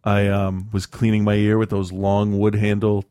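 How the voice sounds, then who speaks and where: A man's voice: on the low side, monotone, dark tone, smooth, no echo, studio quality. A man in casual chat, telling rambling, profane stories with a lot of restarts and self-mocking asides. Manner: halting with frequent restarts and ums.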